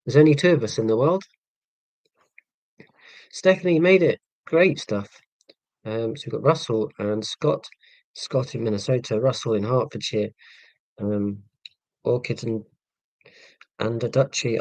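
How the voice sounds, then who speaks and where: A man's voice: mid-range voice, a little mellow, dry recording, rough recording. Rambling self-mocking English man in his forties. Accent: southern English, Hampshire. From England. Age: 40s. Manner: rambling, self-deprecating, sarcastic; hesitant, many ums and restarts. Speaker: live stream host. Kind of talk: casual live stream chat with viewers.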